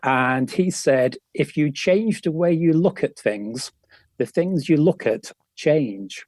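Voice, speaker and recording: A man's voice: a little high, animated, slow, darkish tone, no room sound, clean studio sound. A man with a northern English accent, a podcast guest talking casually and thoughtfully, with some stammered restarts. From northern England. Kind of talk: casual interview talk.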